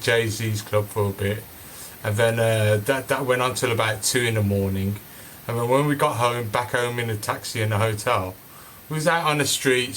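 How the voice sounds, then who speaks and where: A man, speaking at an ordinary middle pitch. He tells a story in a casual, meandering way, with plenty of "uh" and "like", and faint background ambience. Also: slight background noise. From Birmingham, England. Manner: rambling, many fillers and restarts, excited. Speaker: cannabis seed breeder telling a story.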